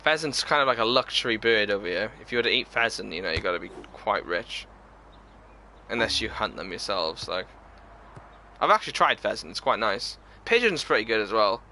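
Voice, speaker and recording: A man talks casually through a live gaming stream. His voice is bright and forward, and he reads viewers' comments aloud and chats back to them in an easy way. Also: lowish voice, lively intonation, brisk, a little hiss or hum.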